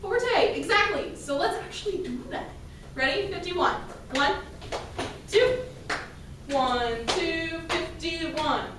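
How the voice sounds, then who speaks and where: A woman's voice: extremely high pitch, animated, slow pace. A woman teaching a school band class, upbeat and encouraging as she counts the players in. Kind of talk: classroom instruction. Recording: roomy, distant, noisy classroom.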